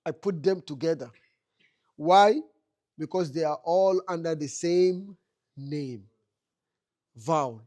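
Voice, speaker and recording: A man with a high-pitched voice teaches a class in a mosque classroom. He keeps asking the students questions and then answers them himself. He repeats his key points to drive them home. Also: takes it slowly, pauses often, a little mellow. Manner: repeats key phrases for emphasis. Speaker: Arabic teacher. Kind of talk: classroom lecture.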